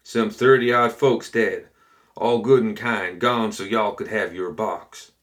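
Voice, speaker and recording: A man's voice: on the low side, fairly even intonation, a little slow, fairly bright tone. A man doing a grim drawling bayou gremlin. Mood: bitter.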